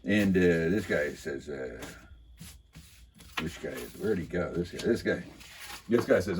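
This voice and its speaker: A man's voice: low-pitched, lively intonation, unhurried, pauses often, slight background noise. A man casually recapping a local council meeting in a sarcastic, rambling way, full of fillers and restarts.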